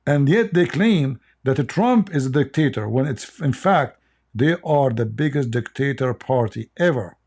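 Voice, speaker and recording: A man's voice: mid-range voice, expressive, a little slow, darkish tone, husky. A middle-aged man with an Arabic accent hosting a livestream, blunt, mocking and emphatic in his commentary. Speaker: livestream host.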